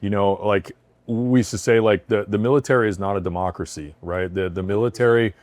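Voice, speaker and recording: Interview guest, male, low-pitched, measured and deliberate. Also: fairly even intonation, darkish tone, no room sound. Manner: measured, repeats words as he thinks. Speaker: guest, security company founder. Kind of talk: conversational interview answers.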